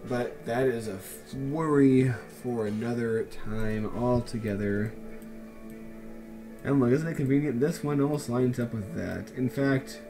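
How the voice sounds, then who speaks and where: A man's voice: medium pitch, unhurried, warm tone, faint music behind. A man casually commenting on his city-building game in a wry, sarcastic, musing way. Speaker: let's play host.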